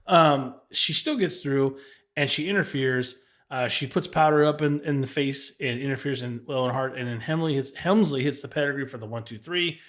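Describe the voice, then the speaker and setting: A man co-hosts a podcast and hands out blunt grades in a casual, slightly exasperated tone. He sounds relaxed and plain, dropping slang as he talks. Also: mid-range voice, moderate pace. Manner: blunt, exasperated, says bro. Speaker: podcast co-host. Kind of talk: casual chat, giving match ratings.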